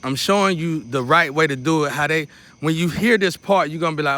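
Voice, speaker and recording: Speaking a little fast in a pushed, bright voice that sits fairly high, this spiritual teacher runs a guided meditation in a chatty, loose style. He goes over his steps again and again and slips preacherly remarks into his teaching.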